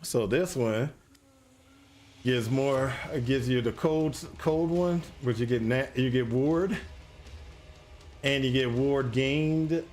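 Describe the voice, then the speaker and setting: A man's voice: medium pitch, takes it slowly, long pauses, a little mellow, soft background music. Rambling man talking through a game. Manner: rambling, restarts often, exasperated exclamations. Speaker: gaming streamer. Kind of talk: casual gameplay commentary.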